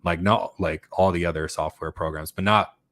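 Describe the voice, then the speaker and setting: Deep-voiced man rambling casually. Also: fairly even intonation, normal speed, fairly bright tone. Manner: rambling, conversational, many fillers and restarts. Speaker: YouTube channel host. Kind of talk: casual livestream chat reading comments.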